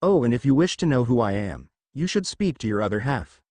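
A man's voice: medium pitch, big pitch swings, a little fast, a little mellow, dry recording. A man voicing an offhand, all-powerful young male ninja in a story reading. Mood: cocky.

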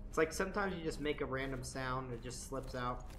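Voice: mid-range voice, brisk, noisy background. A streamer giving casual, chatty commentary over a game, swearing often and joking. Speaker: gaming streamer.

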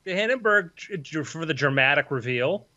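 A man's voice: a little high, animated, normal speed, bright, forceful tone, muffled recording. A man narrating a tabletop game as game master, in a playful, descriptive way.

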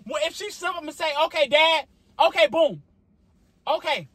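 A woman's voice: high-pitched, animated, normal speed, dry recording. A woman, arguing casually with her boyfriend in a parked car and brushing off his demands over and over. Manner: exasperated, dismissive, repeats herself. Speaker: vlogger, girlfriend. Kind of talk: casual argument.

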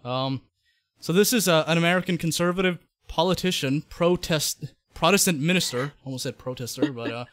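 A man's voice: on the high side, a little fast, fairly bright tone, no room sound, studio quality. A man hosting a casual podcast, rambling and swearing as he introduces clips. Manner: rambling, many fillers and restarts, swears casually. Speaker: podcast host presenting clips. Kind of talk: casual chat.

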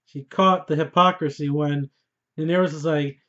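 A man reviews a TV episode in loose, casual chat, swearing freely and laughing as he goes. His voice sits a little high for a man and he gets worked up easily. The audio is somewhat dull and lo-fi. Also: moderate pace. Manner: excitable, profane, laughs often. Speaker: TV show reviewer. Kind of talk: casual spoiler review vlog.

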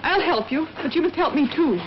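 A take-charge young woman sleuth talks briskly and coaxingly in a fairly high voice. It comes through a dull old film soundtrack with a light hiss. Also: expressive. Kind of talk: 1930s film acting.

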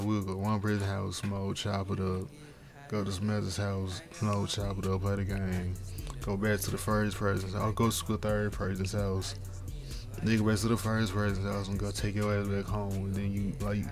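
A man's voice: fairly low pitch, gravelly, darkish tone. A stoned man ranting casually, rambling and profane, with frequent laughs. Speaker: vlogger. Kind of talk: casual rant. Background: faint background music.

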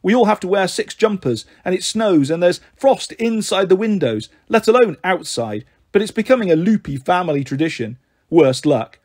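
A man with a husky voice reading a novel aloud in lively first-person storytelling. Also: high voice, moderate pace. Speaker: audiobook reader.

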